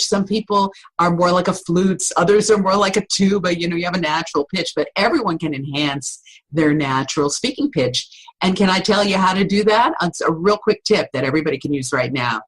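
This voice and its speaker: A middle-aged woman voice coach explaining vocal tips in a podcast interview, with an animated, instructive storytelling manner. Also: fairly low pitch, moderate pace, rough recording.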